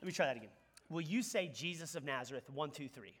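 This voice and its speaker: A man preaching a sermon, animated and conversational, leading the congregation in call-and-response. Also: fairly high pitch, fast, a little hiss or hum. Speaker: pastor.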